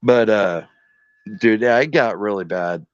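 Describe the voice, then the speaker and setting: Low-voiced male guest, animated swearing storyteller, dry muffled call audio. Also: measured pace, clear, resonant tone, dry recording. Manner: animated storyteller, acts out dialogues, swears freely. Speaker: guest caregiver. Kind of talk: casual chat. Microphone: online call.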